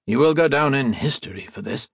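A man voicing a calm, coolly insistent doctor who experiments on people, in an audiobook. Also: mid-range voice, brisk, slightly rough, no echo, clean studio sound, voice pushed up. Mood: coaxing. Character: cold, coaxing male doctor experimenting on people.

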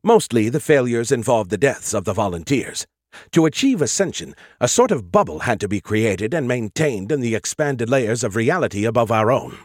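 A man's voice: medium pitch, no echo, clean studio sound. A man voicing a condescending, know-it-all male AI in an audiobook, lecturing and sarcastic. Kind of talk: audiobook character voice.

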